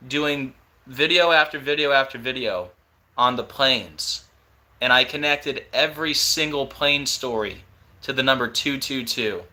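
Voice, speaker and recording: A young man hosting a live stream, talking casually and excitedly in disbelief. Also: mid-range voice, measured pace.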